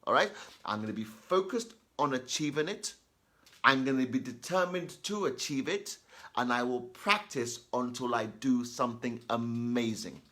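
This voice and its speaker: A man coaching children on reading aloud and practice, talking in a lively, encouraging way and checking in often with "okay?". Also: mid-range voice, normal speed. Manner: animated, repeats key points, many "okay?" check-ins. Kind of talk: storytime talk to children.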